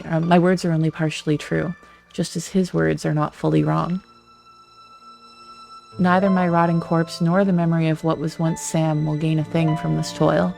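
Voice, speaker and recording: A streamer reads a visual novel aloud, with a gravelly, fry-tinged voice at a middling pitch. The delivery stays flat and even, broken by quick asides of their own. Soft music plays faintly underneath. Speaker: let's play streamer.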